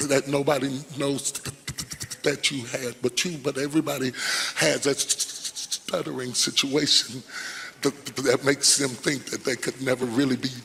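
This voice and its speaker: A man's voice: medium pitch, gravelly, sharp tone, long reverb tail, slight background noise. A male preacher giving a sermon, emphatic and rhetorical, with repeated questions and phrases.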